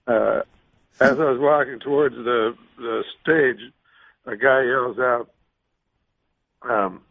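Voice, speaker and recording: A man, a guest comedian, telling a halting, deadpan anecdote over a radio call-in line. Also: medium pitch, no room sound. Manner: halting, deadpan storytelling with restarts. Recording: dull lo-fi phone line.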